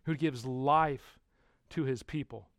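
A pastor delivers a sermon at a slow pace, posing rhetorical questions to the congregation and swinging between hushed and loud moments. His voice is medium-pitched and steady, captured in a dry, studio-quality recording.

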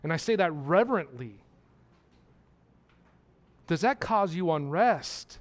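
A man's voice: high voice, lively intonation, unhurried, pauses often. A man preaching a sermon, emphatic and repetitive, asking his listeners questions.

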